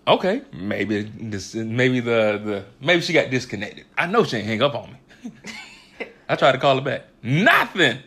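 A man in his thirties hosting a casual chat, telling animated stories and laughing often. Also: mid-range voice, measured pace, husky. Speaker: podcast co-host.

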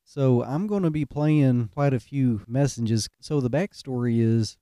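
A man's voice: medium pitch, a little slow, mellow, dry recording, studio quality. A man hosting a podcast, telling jokey stories in a laid-back way. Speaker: podcast host. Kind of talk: casual storytelling.

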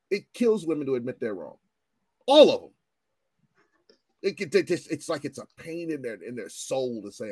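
A man in loose, rambling commentary, his fairly high voice swinging up and down with lively emphasis. He talks in a profane, heated rush, stumbling into repeated restarts. The sound is close and dry, with no room around it. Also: dry recording. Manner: animated, profane, repetitive restarts. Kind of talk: casual ranting commentary.

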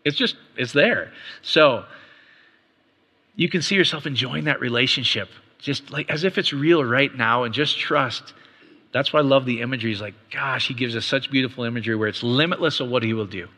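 A middle-aged man preaching a sermon as pastor, conversational, with quick asides and rhetorical questions. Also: mid-range voice, sharp tone. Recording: long reverb of a hall.

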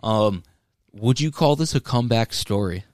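A man's voice: medium pitch, expressive, moderate pace, a little mellow, no echo. A man co-hosting a casual podcast chat, asking puzzled questions and filling his talk with "like". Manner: hesitant, full of "like", puzzled questions. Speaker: podcast co-host.

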